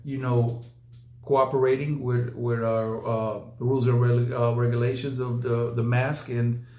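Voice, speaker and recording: A man's voice: medium pitch, flat delivery, unhurried, darkish tone. Rambling male podcast host, roomy echo. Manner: rambling, emphatic, repeats words. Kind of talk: casual chat.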